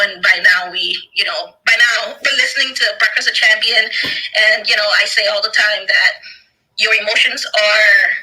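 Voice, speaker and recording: A woman speaking as a guest on a call, slow, earnest and reflective. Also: medium pitch, pushed and bright, rough recording. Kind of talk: motivational talk.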